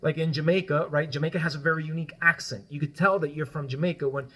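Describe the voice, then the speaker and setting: A man's voice: fairly high pitch, fairly even intonation, quick pace, pushed and bright. A man whose first language is Spanish, a guest on a casual political podcast. He explains his points at length and keeps checking in with "right?".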